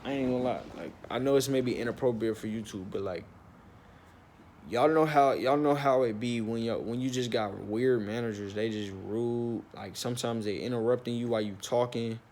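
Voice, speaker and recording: A young man with a middle-height voice tells a story straight to the camera. His talk is loose and slangy, full of "like" and "bro" and plenty of swearing. When he gets heated, his pitch jumps up. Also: normal speed, slight background noise. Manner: animated, with bursts of rising pitch when worked up. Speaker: vlogger telling a story. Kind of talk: storytime vlog, casual chat.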